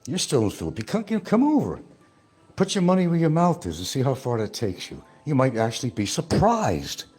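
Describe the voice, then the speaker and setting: A man's voice: medium pitch, wildly swooping pitch, a little fast, a little mellow, breathy edge. A man hosting a livestream, rambling in a brash, taunting, trash-talking way. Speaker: livestream host.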